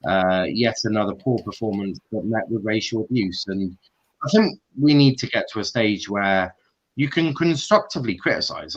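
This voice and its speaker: A man hosting a casual football chat, measured, passing the floor to guests. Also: on the low side, fairly bright tone, muffled recording.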